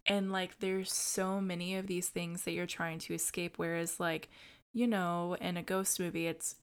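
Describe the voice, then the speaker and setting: A woman's voice: fairly low pitch, flat delivery, normal speed, clean tone. A woman co-hosting a podcast, chatting casually about a film, swearing freely and acting out quotes. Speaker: podcast co-host.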